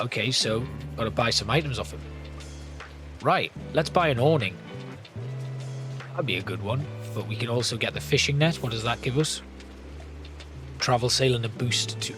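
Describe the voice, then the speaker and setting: A man casually commenting on his gameplay, thinking aloud as he plans each move. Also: mid-range voice. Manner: thinking aloud, planning, relaxed. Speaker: gameplay host. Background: game music.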